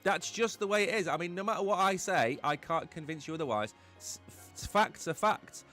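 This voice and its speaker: A man's voice: high-pitched, normal speed, pushed and bright, faint music behind. A man hosting a live-stream crypto market show, talking in an emphatic, blunt, opinionated way.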